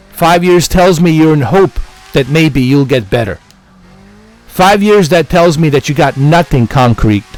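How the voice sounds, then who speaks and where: A man ranting heatedly as a gaming vlogger, swearing often and repeating his points in exasperation. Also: on the high side. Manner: profane, repetitive, exasperated. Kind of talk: heated rant to camera.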